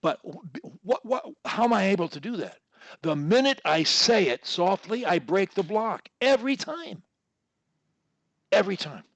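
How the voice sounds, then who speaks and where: A man coaching one-on-one over a video call, explaining techniques in a deliberate, instructive way and drawing words out. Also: sits high, very animated, dry recording. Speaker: speech coach.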